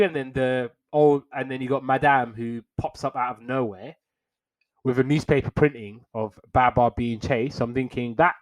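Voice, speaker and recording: Young man, chatty animated recap. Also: mid-range voice, low-quality recording. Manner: animated retelling, acts out characters' lines in quick put-on voices; wry, slangy asides. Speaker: podcast host reviewing old cartoons. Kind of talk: casual episode recap.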